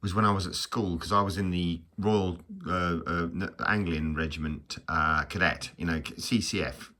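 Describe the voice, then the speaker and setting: Low rambling man reviewing a book. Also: steady tone, normal speed, sharp tone. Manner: rambling, stammering, self-mocking with chuckles. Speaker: channel host.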